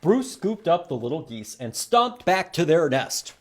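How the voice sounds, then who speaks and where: A man reading a picture book aloud to children as a librarian, animated and stopping to ask them questions. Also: a little high, a little slow, noisy background. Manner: animated, asks the listeners questions.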